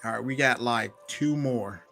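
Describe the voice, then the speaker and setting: Here a man co-hosts a loose group chat about film and TV, speaking at a middle pitch. He animates his points with little acted-out quotes and laughter, and faint music sits under the recording. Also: moderate pace, creaky, sharp tone. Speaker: podcast co-host.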